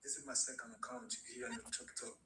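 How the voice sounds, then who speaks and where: A man from Angola, a guest on a live stream, speaking friendly, halting second-language English. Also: medium pitch, little pitch movement, bright, forceful tone. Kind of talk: casual live-stream chat. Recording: echoey room, noisy background.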